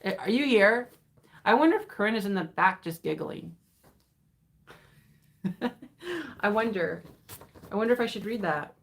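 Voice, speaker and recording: A woman's voice: mid-range voice, animated, moderate pace, vocal fry, long pauses, slight background noise. A tired woman chatting on a live stream while unboxing, giddy and rambling, laughing often. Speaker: vintage reseller hosting an unboxing. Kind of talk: casual live-stream chat.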